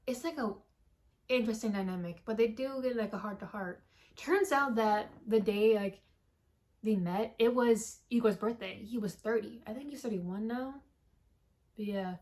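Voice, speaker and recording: A woman's voice: medium pitch, unhurried. A woman giving a casual movie recap with lots of swearing, acting out characters' lines as she goes. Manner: animated, profane storytelling, acting out characters' lines.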